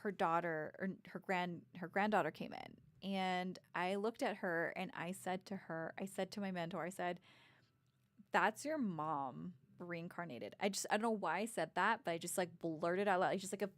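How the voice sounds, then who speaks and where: A woman's voice: fairly low pitch, fairly even intonation, brisk, hardly any pauses. A woman in her thirties telling personal stories in a rambling, casual way, with many fillers and restarts. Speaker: vlogger. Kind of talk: casual storytelling.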